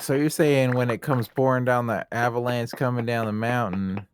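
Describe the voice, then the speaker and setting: A man's voice: mid-range voice, fairly even intonation, moderate pace, slight background noise. A man chatting casually on a game stream, joking and swearing freely with frequent laughs. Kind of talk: casual chat.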